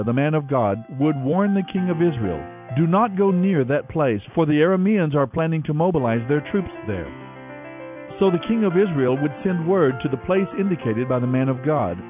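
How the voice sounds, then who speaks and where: A man's voice: on the high side, no room sound. Man teaching Bible on thin radio. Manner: measured, explanatory, reads scripture aloud. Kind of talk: Bible reading and teaching broadcast. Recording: dry, phone-like narrow radio sound with faint music.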